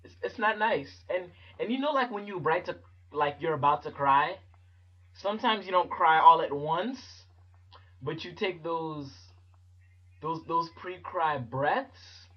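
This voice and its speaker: A man telling a comic childhood story on his vlog, animated and slangy and full of quick voice switches. His voice sits a bit high, and the audio is dull and lo-fi. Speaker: vlogger.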